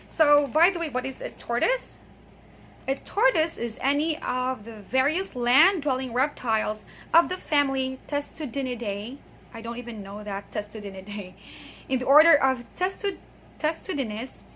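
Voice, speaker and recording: A woman's voice: high-pitched, pushed and bright, a little hiss or hum. A woman teaching English pronunciation, chatty and patient, repeating words for the listener to copy and praising them. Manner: chatty, with fillers and small laughs. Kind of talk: pronunciation lesson, speaking to the viewer.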